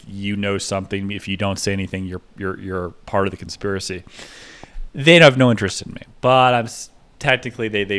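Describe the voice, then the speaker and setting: A young man with a fairly low voice, rambling through a loose, digressive monologue. He hops from one half-finished thought to the next, telling offbeat stories in an unscripted way. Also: fairly bright tone. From United States. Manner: rambling, digressive, jumps between topics.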